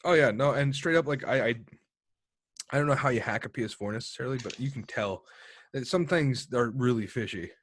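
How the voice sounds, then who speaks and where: A man's voice: mid-range voice, fairly quick, no echo. A man co-hosting a casual podcast, arguing and joking with his friend and swearing freely. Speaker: podcast co-host.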